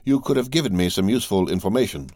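A man voicing an imperious count who gives his servants orders in a measured tone. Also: on the low side, expressive, darkish tone, no room sound, clean studio sound, close to an everyday voice. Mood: commanding. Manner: commanding, measured. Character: imperious older male count, cold master.

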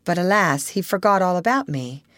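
A woman reading aloud and voicing a gentle, apologetic grown-up mother. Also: lowish voice, animated, normal speed, no room sound, clean studio sound. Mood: tender. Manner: tender, apologetic. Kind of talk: storybook reading.

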